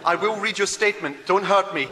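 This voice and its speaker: A man's voice: sits high, a little fast, long reverb tail, heavy background noise, natural voice. An actor playing a frightened male scientist held by dolphins, pleading nervously in a comedy sketch.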